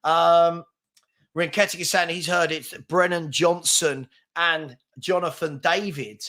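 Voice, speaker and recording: A man's voice: on the high side, steady tone, takes it slowly, pushed and bright. A man, hosting a casual live football chat stream, reading out viewer comments in a chatty, rambling and self-deprecating way, tired from an early start. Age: 40s. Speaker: football channel host.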